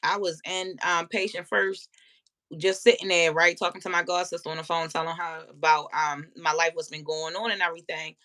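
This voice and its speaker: A woman hosting a live stream, chatting casually and profanely with her viewers and telling animated stories. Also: on the low side, fairly quick. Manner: addresses viewers directly.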